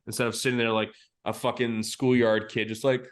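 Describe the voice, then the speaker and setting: A man co-hosting a sports podcast in loose, casual chat. He rants with heat and swears freely, his voice sitting at an ordinary middle pitch. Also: fairly quick, few pauses. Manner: heated, profane ranting. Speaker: podcast co-host.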